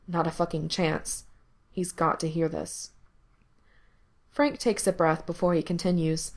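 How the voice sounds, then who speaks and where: A woman narrating a story aloud, steady and even as she moves through the scene. Her voice sits low and has a gravelly, fry-edged texture. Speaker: reader. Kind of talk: reading explicit fan fiction aloud.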